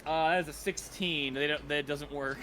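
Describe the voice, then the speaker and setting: A man's voice: fairly high pitch, fairly even intonation, moderate pace, a crowd in the background. A man running a tabletop game as game master, laughing often and swearing casually as he makes rulings.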